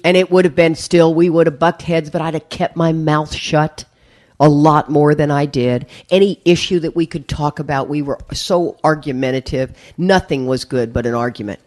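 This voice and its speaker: A woman's voice: sits low, fairly even intonation, normal speed, darkish tone. A middle-aged woman, speaking at a recovery meeting and telling a candid story to a live audience with self-mocking humor. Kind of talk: personal testimony to a live audience.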